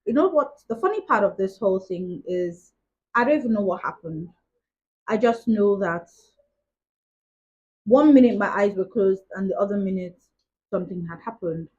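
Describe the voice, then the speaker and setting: A young woman recounts her story straight to camera, chatty and loose, leaning on "like" between thoughts. Her voice is husky and sits at a middling pitch. The recording is dull and lo-fi. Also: lively intonation, moderate pace, long pauses, darkish tone. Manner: chatty, retells events with many "like" asides. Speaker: vlogger.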